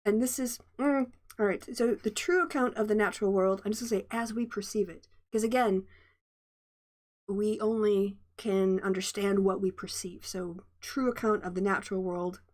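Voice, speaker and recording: A woman hosts a relaxed lecture on her own channel. She reads passages from a textbook and keeps stopping to explain and comment in a chatty way, with restarts and asides. Her voice sits at an ordinary middle pitch. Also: moderate pace. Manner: chatty, thinks aloud, many asides and restarts. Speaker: host. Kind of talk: casual lecture reading from a textbook.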